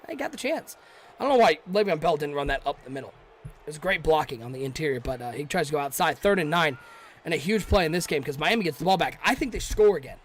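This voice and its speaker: Guy with a high voice doing play by play on a stream, talks fast and jokes with chat. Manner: excitable, chatty, joking with viewers. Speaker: play-by-play commentator. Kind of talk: live-streamed game commentary reading chat.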